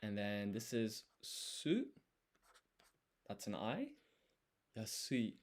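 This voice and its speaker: Slow, low-voiced man thinking aloud. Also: sing-song. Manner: unhurried, talks himself through each step. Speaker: language learner streaming his study. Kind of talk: thinking aloud while writing.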